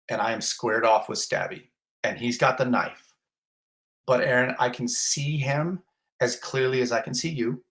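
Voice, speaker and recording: A man of middle pitch recounts his own ordeal in a vivid, blunt, intense way. He swears now and then and piles up detail after detail. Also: a bit bright. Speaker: fire captain. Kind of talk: intense first-person retelling.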